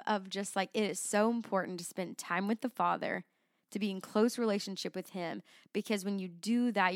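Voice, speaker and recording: A woman's voice: mid-range voice, clear, resonant tone, no echo, studio quality. A woman co-hosting a faith podcast in casual chat, talking earnestly in long rambling runs with many fillers and restarts. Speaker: podcast co-host.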